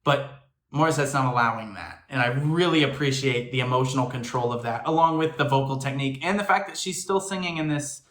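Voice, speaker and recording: An actor and filmmaker hosting a reaction video talks at a brisk pace in a medium-pitched, fairly bright voice. He comments on singing technique with enthusiasm and analysis, breaking the singing down and imitating it. The room he records in is echoey.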